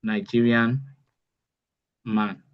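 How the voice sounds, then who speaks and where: A man's voice: mid-range voice, little pitch movement, very slow, clear, resonant tone, highs cut off. A man teaching an online workshop step by step, repeating key phrases as he goes. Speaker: AI bootcamp instructor. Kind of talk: live online tutorial.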